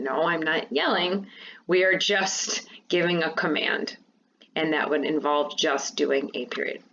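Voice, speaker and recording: A woman teacher walks young students through a remote lesson, explaining step by step in a patient, clear way. Her voice sits a little low. The recording is dull and lo-fi, with a faint hiss underneath. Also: a little slow, fairly bright tone.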